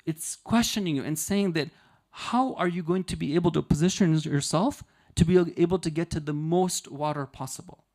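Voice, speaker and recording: Man giving a conversational sermon. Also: high voice. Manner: asks the audience frequent "right?" checks; storytelling, explains with analogies. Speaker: Muharram night speaker. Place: community religious centre hall.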